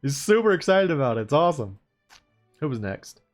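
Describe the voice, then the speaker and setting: A man's voice: on the high side, big pitch swings, a little fast, faint music behind. A man streaming as he draws, chatting in a rambling, laid-back way and chuckling to himself. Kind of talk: casual chat while drawing.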